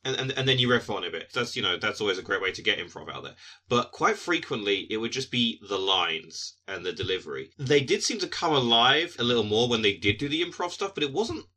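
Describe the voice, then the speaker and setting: A man's voice: mid-range voice, lively intonation, brisk, sharp tone. A man guest on a film podcast, telling rambling anecdotes about working on a film set. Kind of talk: casual film discussion.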